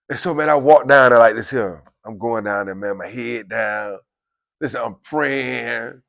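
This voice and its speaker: A man telling a story in a casual, animated way, often turning to his listeners and acting out the voices of others. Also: medium pitch, a little slow, vocal fry. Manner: animated, keeps addressing listeners directly; acts out quoted voices of guards and inmates. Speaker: storyteller recounting prison life. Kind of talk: casual spoken storytelling to camera.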